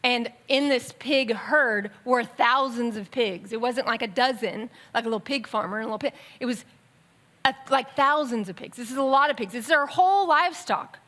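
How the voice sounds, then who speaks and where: A woman preaching a sermon in a conversational, animated way, with quick bursts and asides. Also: a little high. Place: church sanctuary.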